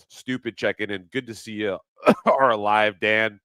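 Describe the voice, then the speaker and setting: A man's voice: mid-range voice, animated, slow pace, long pauses, no room sound. A man hosting a casual live stream, rambling and swearing freely, often breaking into laughter. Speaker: livestream host.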